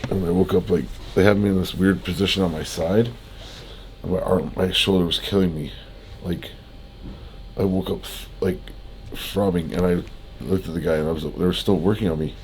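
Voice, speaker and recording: A man's voice: low-pitched, steady tone, normal speed, a little mellow, a little hiss or hum. A young man groggy after surgery, telling a rambling story in a laid-back way, laughing often and swearing in a hospital room. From Canada. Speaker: fitness vlogger. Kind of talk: casual storytelling.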